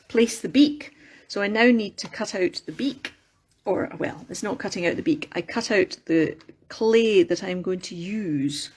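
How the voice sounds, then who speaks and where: Scottish lady rambling on a phone live chat, wanders off topic, middling voice, workshop room. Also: medium pitch. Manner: rambling, chatty, wanders off on tangents. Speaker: craft livestreamer. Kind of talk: casual live chat while sculpting.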